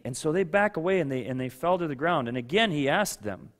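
A man's voice: on the high side, lively intonation, quick pace, few pauses. A man pastor giving a conversational sermon, calling listeners by name and often checking that they agree.

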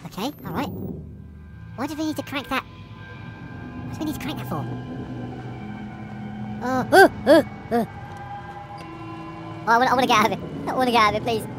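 Woman gamer, let's play commentary, panicky, swears a lot, nervous laughs, high voice, game music behind. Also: normal speed, pauses often. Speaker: gamer playing a horror game.

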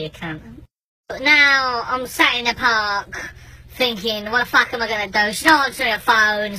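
A woman voicing a brash, foul-mouthed male meerkat geezer, telling a comic monologue full of swearing and shouted rants. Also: a little high, husky, exaggerated voice, rough recording. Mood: glum.

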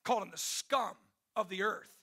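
A man's voice: sits high, moderate pace, sharp tone. A man preaching a sermon to a large church congregation, emphatic and calling on the crowd to respond. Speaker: pastor.

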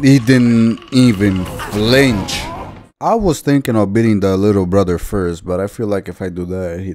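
A young man playing a video game, commenting with loud, exasperated reactions and slang. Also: on the low side, a little hiss or hum. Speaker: gaming youtuber. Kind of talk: let's play commentary. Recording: commentary over clear game music.

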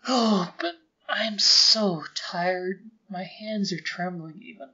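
A man plays a meek, cowed artist in a radio play who stammers and apologizes his way through every sentence. His voice is husky and breathy, and the recording sounds dull and lo-fi. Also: high-pitched, slow, bright, forceful tone, full character voice. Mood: nervous. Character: timid meek middle-aged male office artist. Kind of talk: radio drama re-creation.

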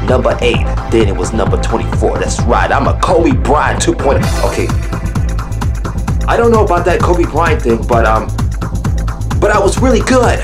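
A man telling a comic story with an exaggerated, self-mocking delivery as a skit narrator. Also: medium pitch.

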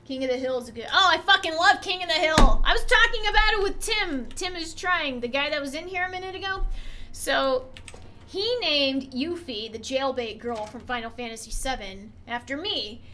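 A woman's voice: sits high, lively intonation, moderate pace, bright, forceful tone, slight background noise. A young woman from Texas chatting casually and crudely while streaming a game.

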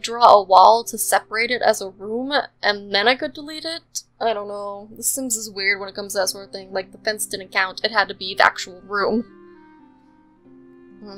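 A woman's voice: medium pitch, a bit bright, poor audio. A young woman rambling casually with lots of fillers, giving voice-over commentary on a building game. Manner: rambling, chatty, lots of ums and likes. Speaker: Sims speed-build commentator.

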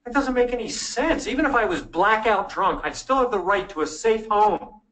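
A man's voice: high-pitched, expressive, normal speed, fairly bright tone, poor audio. An actor playing an earnest, frustrated male robbery victim in a comedy sketch. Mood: indignant. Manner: earnest, increasingly indignant.

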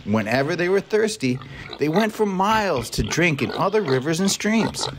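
A man narrating a children's picture book aloud, lively and expressive, putting on voices for the animals. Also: high voice, moderate pace, background noise. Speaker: storybook narrator.

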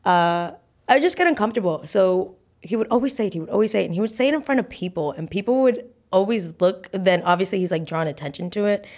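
A young woman hosting a podcast, telling a personal story in a chatty, animated way with lots of fillers and restarts. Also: mid-range voice, fast. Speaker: podcast host. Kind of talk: casual storytelling.

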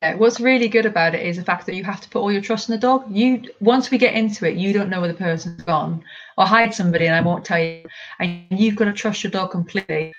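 A woman's voice: medium pitch, fast, muffled recording. A woman mantrailing instructor from the UK, chatting enthusiastically as a guest and acting out owners and dogs. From United Kingdom. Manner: enthusiastic, animated storytelling, acts out dogs and owners. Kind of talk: casual video call chat.

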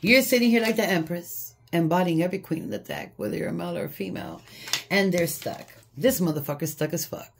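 A woman's voice: fairly low pitch, expressive, fast, gravelly. A woman giving a casual tarot reading, blunt and profane, often breaking into laughter. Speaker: tarot reader. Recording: faint background noise.

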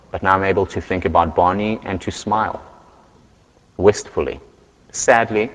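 A man giving a university lecture, earnest and measured, telling stories to make his point. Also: low-pitched. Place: large lecture hall. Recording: lecture hall with long reverb.

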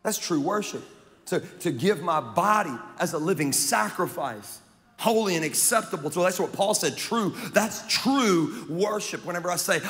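A man from Louisiana preaching a sermon as pastor, animated and joking, with crowd banter. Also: high voice, normal speed. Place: large church auditorium. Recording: long reverb of a large hall.

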